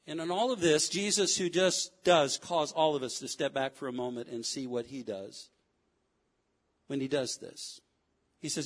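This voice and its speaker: A male pastor delivers a sermon to his church, his voice unusually high and full of leaps in pitch. He moves from fervent, raised cries down to low, quiet asides and back again. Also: very animated, moderate pace. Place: church sanctuary.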